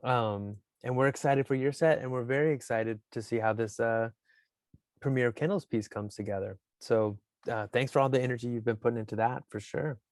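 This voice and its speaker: A man hosting a podcast in casual chat, animated and playful with lots of fillers. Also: medium pitch, fairly quick, no echo, studio quality. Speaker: podcast host.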